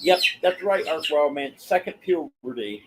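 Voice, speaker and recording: A man hosting a casual live stream from his homestead, hoarse as his voice gives out, telling folksy stories and answering chat. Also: fairly high pitch, animated, unhurried, noisy background. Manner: folksy storytelling, replies to chat. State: voice giving out, hoarse. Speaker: livestream host.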